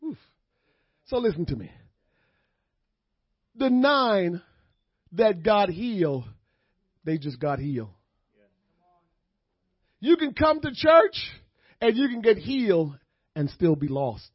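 A man, preaching with lively swings from hushed asides to full shouts. He calls out to the congregation as he goes. The sound is dull and lo-fi, very dry and close. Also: sits high, slow, long pauses, husky, no echo. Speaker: pastor. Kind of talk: sermon. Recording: dull, lo-fi sermon audio.

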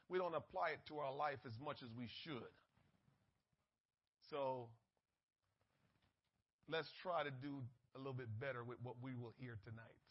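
A man's voice: a little high, muffled recording. Emphatic male pastor preaching. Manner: conversational preaching, emphatic rises, repeats words. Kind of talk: sermon.

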